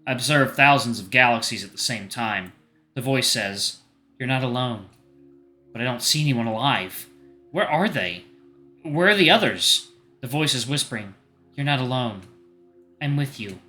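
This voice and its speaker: A man reads as an anxious teenage boy narrating his own story from a visual novel, earnest and a little halting. The voice is bright and forward, and faint music plays underneath. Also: medium pitch, expressive. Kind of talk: reading a visual novel aloud.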